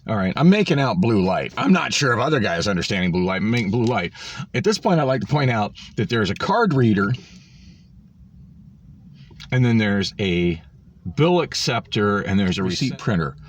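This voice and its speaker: A man's voice: lowish voice, sing-song, moderate pace, a little hiss or hum. A man recording a vlog on his phone, exasperated and sarcastic as he rants about a store visit, swearing freely. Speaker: vlogger. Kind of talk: ranting vlog storytelling.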